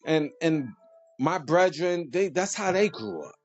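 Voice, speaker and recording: A man hosting a casual monologue, preachy and animated, joking and laughing at his own lines. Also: a little high, a little slow, highs cut off, soft background music. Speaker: host.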